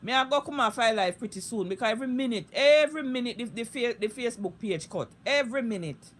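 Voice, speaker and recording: A woman's voice: on the high side, expressive, fast, a little hiss or hum. A Jamaican woman streaming live on social media, delivering a heated, profane, repetitive rant in thick Patois.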